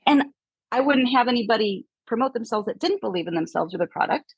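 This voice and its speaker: A woman chatting casually as a guest, telling animated stories and mimicking people in hushed voices. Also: on the high side, fast talker, creaky, slightly rough, no room sound, highs cut off. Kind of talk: casual chat.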